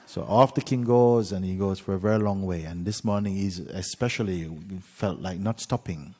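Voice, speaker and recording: Husky deep-voiced male teacher, unhurried storyteller. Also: big-room sound. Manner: unhurried, with soft asides and light laughs. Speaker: spiritual teacher. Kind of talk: storytelling talk.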